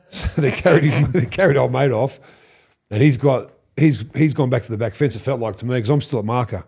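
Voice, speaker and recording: Mellow-voiced Australian man telling stories. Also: medium pitch, quick pace, vocal fry, slightly rough. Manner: animated, swears, acts out quoted lines. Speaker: podcast guest. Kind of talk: storytelling interview.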